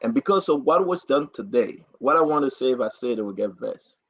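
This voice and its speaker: A man hosting a talk show, giving impassioned, repetitive political commentary in a husky, gravelly voice. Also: mid-range voice, a little fast, dry recording. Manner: repetitive, rising to animated outbursts. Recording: dry, dull lo-fi audio.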